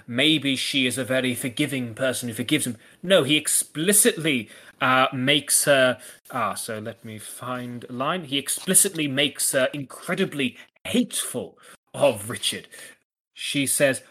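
A man co-hosting a podcast, talking things through in a thoughtful, analytical way and often pausing to restart his sentences. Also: medium pitch, bright, forceful tone. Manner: thoughtful, hesitant, with frequent restarts. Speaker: podcast co-host. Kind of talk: casual analytical discussion.

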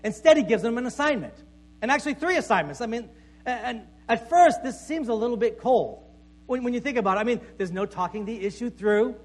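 A male pastor preaching a sermon before a congregation in a conversational way, checking in with "right?" and dropping to a soft voice for emphasis. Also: very high-pitched, expressive, fairly quick. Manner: conversational preaching with frequent "right?" tag questions and stammered repeats; drops to soft, quiet tones for emphasis.

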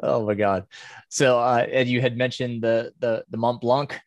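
A man's voice: mid-range voice, fairly even intonation, moderate pace, no room sound, lo-fi sound. A man hosting a podcast interview, reacting with short exclamations and laughter. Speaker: podcast host. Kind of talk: casual interview.

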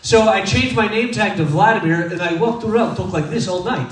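A man's voice: high voice, brisk. A man in his thirties from Texas, preaching in a casual, humorous, self-deprecating storytelling style. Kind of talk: conversational sermon storytelling. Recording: echoey room, distant mic.

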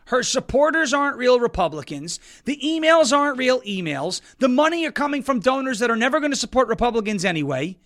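A man's voice: extremely high pitch, animated, moderate pace, fairly bright tone. A man hosting a political talk show, in a sarcastic and mocking style, often slipping into put-on quotes. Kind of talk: animated political commentary.

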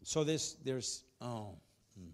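A man preaching as a pastor in a church, rambling and chatty with many restarts, moving from hushed storytelling to loud exhortation. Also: medium pitch, expressive, takes it slowly. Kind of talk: sermon.

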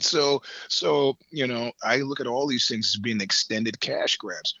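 A man's voice: mid-range voice, a little slow, hardly any pauses, bright, forceful tone, dry recording, dull audio. A middle-aged man from the United States in casual chat, rambling through stories with swearing and laughter. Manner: rambling, profane, laughs between points. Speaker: podcast guest.

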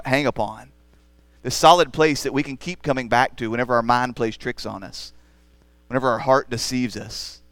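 A man's voice: mid-range voice, fairly bright tone, smooth, no room sound. A man preaching a sermon as the pastor, earnest and rising to emphatic passages.

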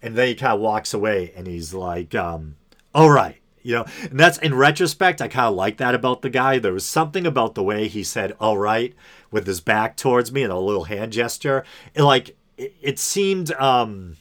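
A man's voice: mid-range voice, lively intonation, moderate pace, few pauses, a bit bright. A man hosting a podcast, telling a personal story in an unscripted, rambling monologue full of fillers and asides. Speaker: podcast host.

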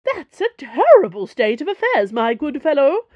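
A woman's voice: high voice, very animated, moderate pace, no echo, muffled recording, pitched above the performer's own voice. A woman voicing a brash woman who puts on a shrieking, haughty diva act in a read-aloud story. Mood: shrill haughty.

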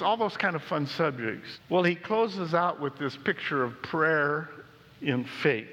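A man pastor preaching a sermon, reading scripture and telling stories in an animated way, rising and dropping as he talks. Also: fairly high pitch, measured pace, in a large hall, poor audio. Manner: animated preaching that swings between lively and hushed. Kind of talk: sermon with storytelling.

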